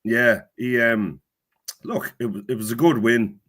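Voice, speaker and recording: A man's voice: mid-range voice, steady tone, a little slow, a bit bright. An Irish man as a podcast guest in casual chat, rambling and self-deprecating with many hesitations.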